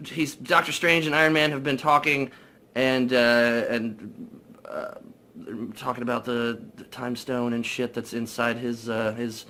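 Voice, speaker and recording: A young man casually recapping a movie, swearing a lot, excitable and full of fillers. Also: medium pitch, a little slow. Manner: profane, excitable, many fillers. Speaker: movie reviewer.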